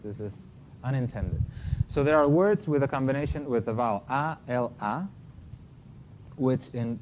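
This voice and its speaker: A man's voice: lowish voice, normal speed, a little mellow. A man giving a linguistics lecture with slides, explaining carefully and correcting himself with brief apologetic asides. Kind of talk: academic talk with slides. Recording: slightly dull lo-fi lecture recording with faint noise.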